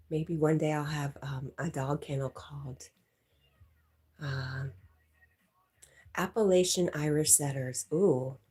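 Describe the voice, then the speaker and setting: A woman's voice: low-pitched, fairly even intonation, slow, long pauses, warm tone, slightly rough. A woman hosting a livestream, chatting casually and teasing as she reads viewer comments aloud, laughing often. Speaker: livestream host.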